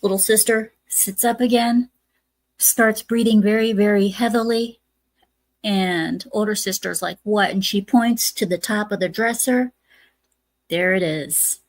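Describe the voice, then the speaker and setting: A woman with a medium-pitched voice speaks unhurriedly in a dry recording. She hosts a casual movie review podcast, retelling scenes step by step and saying "uh" a lot.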